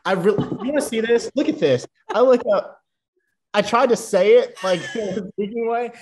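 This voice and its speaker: A man's voice: high voice, moderate pace, darkish tone, slight background noise. Chatty Southern man, rambling and laughing. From Atlanta, Georgia. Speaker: podcast guest, baseball player. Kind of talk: casual podcast chat.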